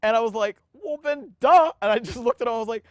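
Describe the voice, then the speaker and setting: A young man in his twenties telling his life story in an interview, animated and full of restarts, acting out the voices of others. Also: very high voice, rapid-fire, clear, resonant tone, dry recording, studio quality. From United States. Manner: animated, acts out quoted voices, frequent restarts.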